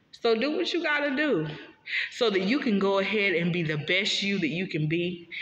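A woman's voice: fairly low pitch, fairly bright tone. A woman giving a heartfelt personal monologue as a vlogger. She talks straight to her listeners, emphatic and repetitive. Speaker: vlogger sharing her story. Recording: echoey room, dull lo-fi sound.

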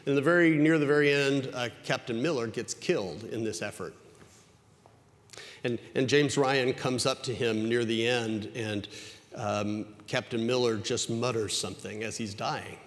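A male pastor giving a conversational sermon that climbs higher in pitch when he stresses a point. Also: normal speed. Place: church sanctuary. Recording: church hall with long reverb.

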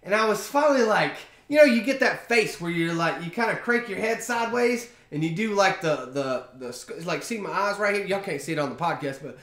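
A man's voice: high-pitched, expressive, fairly quick, hardly any pauses, a bit bright, echoey room. A man hosting a casual solo podcast, telling stories in a chatty, slangy way full of fillers. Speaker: podcast host.

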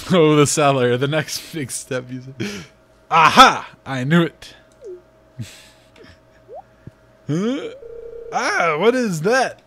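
A man's voice: on the high side, expressive, slow pace, long pauses, sharp tone. A man giving casual gameplay commentary as host, full of joking, sarcastic asides, recorded at home. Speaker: let's play host.

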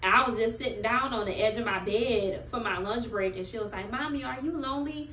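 A woman's voice: mid-range voice, fairly even intonation, brisk, sharp tone, reverberant, slight background noise, low-quality recording. A woman in her thirties filming a personal vlog at home, speaking in an earnest, heartfelt, faith-filled way. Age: 30s. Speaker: vlogger.

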